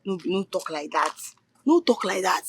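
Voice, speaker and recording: A man's voice: high voice, expressive, normal speed, a bit bright, husky, no room sound, full character voice. A soothing Nigerian man. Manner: coaxing, soothing Pidgin speech. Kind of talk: film drama acting.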